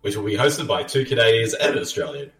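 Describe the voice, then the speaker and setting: A man's voice: lowish voice, fast, a bit bright. A man hosting a casual movie commentary. He is chatty, laughs often and trails off with ums and uhs. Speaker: podcast host. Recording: roomy, distant mic with faint music.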